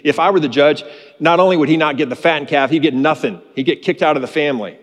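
A man's voice: fairly high pitch, quick pace. A man preaching a sermon as pastor, earnest and emphatic, repeating his key phrases. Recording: long reverb of a large hall.

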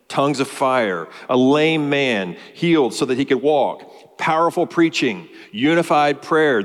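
A man's voice: on the high side, big-room sound. A man preaching a sermon as pastor, explaining a passage and building emphasis through lists.

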